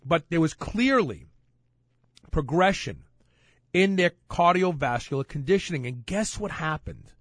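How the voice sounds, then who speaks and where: A man's voice: a little high, expressive, a little slow, a bit bright, no echo, studio quality. A man hosting a talk show, speaking in a casual, rambling monologue with frequent restarts. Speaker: podcast host.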